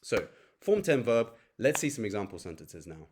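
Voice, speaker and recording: A man's voice: on the low side, big pitch swings, moderate pace, darkish tone, husky. A man teaching a grammar lesson, breaking example sentences down word by word with the occasional filler. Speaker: Arabic teacher.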